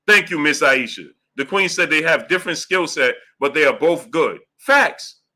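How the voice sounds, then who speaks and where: A man hosts a boxing live stream and argues his point emphatically, firing off rhetorical questions between super chat shout-outs. His voice sits fairly high and sounds very bright and forceful. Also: expressive, normal speed. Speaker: boxing show host reading super chats. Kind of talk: heated live-stream commentary.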